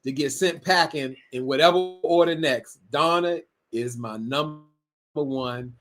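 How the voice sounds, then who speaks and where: A man's voice: a little high, measured pace, fairly bright tone. A young adult man co-hosting a casual live-stream recap, laid-back, laughing often and reading viewer comments aloud.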